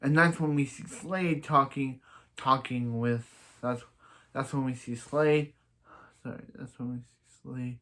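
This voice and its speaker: A man's voice: medium pitch, fairly even intonation, unhurried, fairly bright tone. A man casually recapping a TV episode as a reviewer, rambling through restarts and giving blunt opinions. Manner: rambling, stumbling over restarts.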